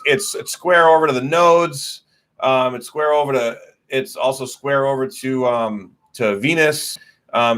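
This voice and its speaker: A man's voice: mid-range voice, a bit bright. A man hosting a casual astrology livestream, talking loosely with lots of swearing and fillers, and answering viewer comments as he goes. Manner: loose and profane, many fillers. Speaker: astrology host.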